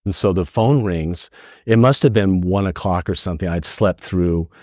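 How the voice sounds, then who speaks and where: A middle-aged man from San Francisco, a podcast guest, telling a personal story in an earnest, animated way. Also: low-pitched, normal speed, no room sound. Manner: earnest, animated retelling with acted quotes. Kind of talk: emotional storytelling. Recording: dull lo-fi dry podcast audio.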